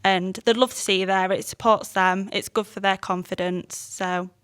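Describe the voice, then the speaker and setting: Upbeat English woman, smooth voice. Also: medium pitch, steady tone, normal speed, fairly bright tone, no echo. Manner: upbeat, promotional, laughs easily. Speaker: podcast guest, college staff. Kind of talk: casual chat.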